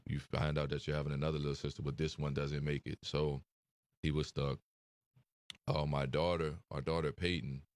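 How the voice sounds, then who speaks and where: A young man speaking as an interview guest, soft-spoken and hesitant, with many fillers. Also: rumbling low. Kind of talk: emotional interview conversation.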